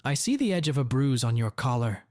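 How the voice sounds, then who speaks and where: A man voicing an angry middle-aged father, blunt and determined, giving forceful retorts in a dry, close read. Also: mid-range voice, very animated, fairly quick, no room sound, lightly acted.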